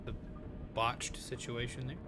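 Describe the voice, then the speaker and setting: A man's voice: mid-range voice, level tone, unhurried, background noise. A man streaming live as he plays a game, chatting casually in a rambling, musing way, with hedges and bits of dry sarcasm. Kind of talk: casual chat while playing a game. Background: game music.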